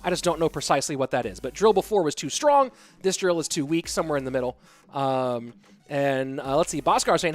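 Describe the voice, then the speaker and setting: Casting: male esports caster, fairly high voice, joking, reads chat between plays, faint music underneath. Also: expressive. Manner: chatty, joking, quick play-by-play. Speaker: esports caster and stream host. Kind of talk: live game commentary and chat reading.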